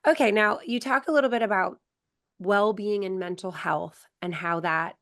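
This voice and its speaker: A woman podcast host shares parenting stories with lively energy and acts out the dialogue as she goes. Her voice sits in a middle pitch, and her talk is warm-hearted and chatty. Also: moderate pace. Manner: animated storyteller, acts out dialogue. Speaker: podcast host, performance coach. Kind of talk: conversational interview.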